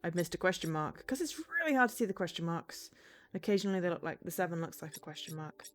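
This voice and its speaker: A woman's voice: on the low side, lively intonation, fast talker, faint music behind. A tired woman streaming a video game, chatting casually and rambling with lots of ums. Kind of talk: casual livestream chat.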